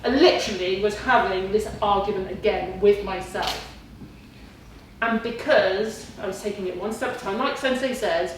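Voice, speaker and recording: A woman in her forties speaks to a class, telling her story with lively acted-out quotes. She stands away from the microphone in a strongly echoing hall with faint room noise behind her. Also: medium pitch, moderate pace. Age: 40s. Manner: storytelling, animated, acts out her own inner voice. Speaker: kickboxing student giving a talk. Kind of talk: speech to a class. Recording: distant and very echoey with faint ambience.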